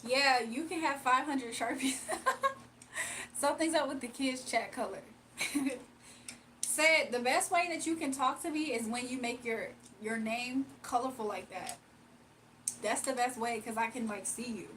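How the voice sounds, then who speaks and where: A woman's voice: on the high side, measured pace, a bit bright, a little hiss or hum, rough recording. A young woman hosting a casual livestream, chatting playfully with viewers, reading comments aloud and laughing often. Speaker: livestream host.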